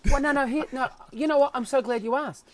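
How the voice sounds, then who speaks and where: A middle-aged man, a podcast guest telling personal stories in a lively, emotional way. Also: very high voice, fast talker. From New Zealand. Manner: animated, emotional storyteller who acts out quotes. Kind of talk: casual storytelling chat.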